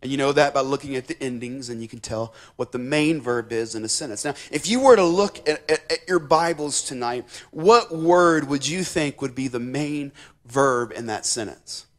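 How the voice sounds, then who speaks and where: A man's voice: medium pitch, animated, moderate pace. A male missionary preaching a sermon in a church, emphatic, repeating key words and building in fervor. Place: church sanctuary.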